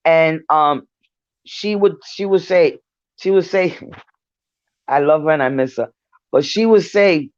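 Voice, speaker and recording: A woman's voice: sits low, a little slow, pauses often, a little mellow, dry recording. Frank, storytelling older New woman. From New York. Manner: frank storytelling, swears freely. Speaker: guest speaker. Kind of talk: casual discussion. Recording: muffled lo-fi dry recording.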